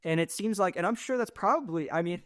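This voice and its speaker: Talking fast with an expressive, fairly bright, high voice, a middle-aged man hosts a casual interview podcast. He meanders and gropes for his point, full of fillers and restarts, in a studio-quality recording free of echo.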